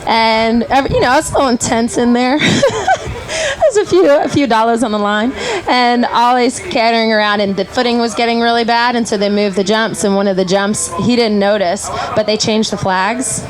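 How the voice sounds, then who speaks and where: Woman event rider, lively, high-ish voice, quick laughter. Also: rough recording. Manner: animated, laughing storyteller. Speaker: event rider, interview guest. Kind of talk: casual storytelling chat.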